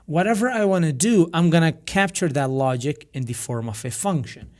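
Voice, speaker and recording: A man with a rough, gravelly voice, explaining a coding tutorial step by step with frequent fillers and restarts. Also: fairly high pitch, animated, moderate pace, a little mellow. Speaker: programming instructor. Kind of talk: screen-recorded coding tutorial.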